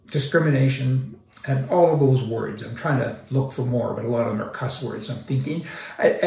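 A man with a gravelly voice gives a sarcastic opinion monologue and laughs at his own jabs. His voice sits fairly high for a man. He sounds set back from the microphone in an echoey room. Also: far from the mic. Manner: sarcastic, mocking, laughs often. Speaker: commentary host.

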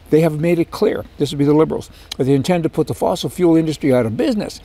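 A man's voice: on the high side, steady tone, quick pace, hardly any pauses, warm tone. A man hosting a political commentary monologue, ranting with sarcastic asides. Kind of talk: opinionated monologue.

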